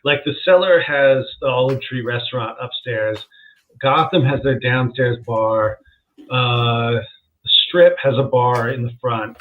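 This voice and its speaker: A male comedian trading road stories in a loose, casual chat. He acts out the people in his anecdotes with lively shifts of voice. His audio comes through thin and phone-like. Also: medium pitch, measured pace. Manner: animated, acts out quoted voices. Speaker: comedian guest. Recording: tinny phone-like call audio.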